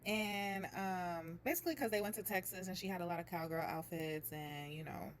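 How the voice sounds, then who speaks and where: A young woman chatting casually as she recaps a reality show, telling it in a lively way and slipping into other people's voices. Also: on the low side, moderate pace. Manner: chatty, animated retelling with quoted voices.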